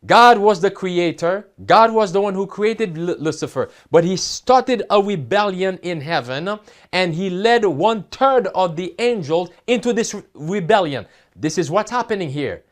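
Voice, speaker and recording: A man's voice: high-pitched, animated, a little slow. A man preaching a sermon, reading headlines and scripture quotes aloud and asking his listeners questions. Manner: emphatic, asks the audience questions. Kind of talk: sermon reading news and prophecy.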